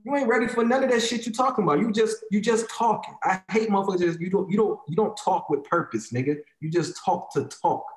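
A man's voice: high-pitched, quick pace, hardly any pauses, echoey room, poor audio. Fired-up man with an African American Vernacular English accent. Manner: heated, profane, emphatic, repeats phrases for emphasis. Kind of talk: casual opinionated rant.

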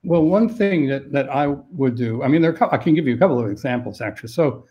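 Mellow-voiced man explaining thoughtfully. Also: mid-range voice, expressive, quick pace, highs cut off. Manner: thoughtful, with frequent restarts and stammered repeats. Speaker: dementia expert guest. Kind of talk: explanatory interview answers.

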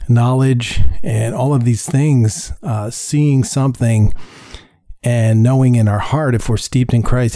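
A middle-aged man from upstate New York hosting a Christian podcast, talking in a halting casual way with many fillers and restarts. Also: medium pitch, steady tone, dark tone, dry recording, clean studio sound. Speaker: podcast host.

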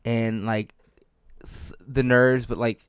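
A man answering personal questions in a podcast, earnest and hesitant, with many pauses and fillers. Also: mid-range voice, level tone, clean tone, no room sound. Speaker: podcast co-host being interviewed. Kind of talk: casual chat.

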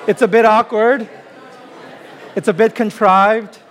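A man preaching a sermon to his congregation in a relaxed, conversational way, often pausing on "uh", with playful asides that draw laughs. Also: high-pitched, some chatter behind. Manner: conversational preaching with frequent "uh" fillers. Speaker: pastor.

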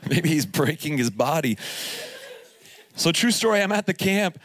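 Pastor guy at a live camp service, joking and laughing a lot, kinda high voice. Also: animated, a little slow, long pauses, a bit bright, slight background noise. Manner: jokey, laughs through his stories. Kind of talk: humorous storytelling sermon.

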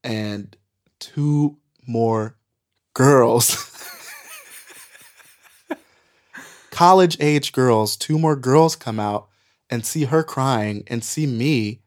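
A man guest on a podcast, telling a wild story in an animated, profane way and laughing at it. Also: medium pitch, extremely slow, long pauses. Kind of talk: casual storytelling.

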